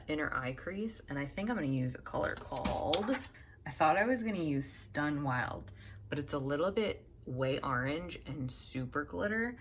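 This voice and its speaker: Chatty young woman with a low, gravelly voice. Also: slight background noise. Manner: rambling, chatty, many fillers and asides. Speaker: makeup vlogger. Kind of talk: casual chat while doing makeup.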